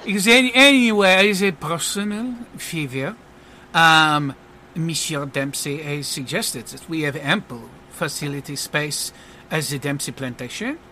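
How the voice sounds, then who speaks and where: A man doing a flamboyant, self-important superhero with a French accent, all theatrical flourishes and smug pauses. The voice sits on the high side, bright and forceful, with loud swoops upward. It is tabletop role-play acting at the table. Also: a little hiss or hum. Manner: smug, theatrical, full of hesitations.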